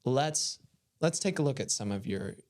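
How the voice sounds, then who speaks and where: A young man co-hosting a comedy podcast, his voice at a middle pitch that swings widely as he jokes. He stammers and restarts eagerly, keeping the improvised banter playful and animated. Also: normal speed.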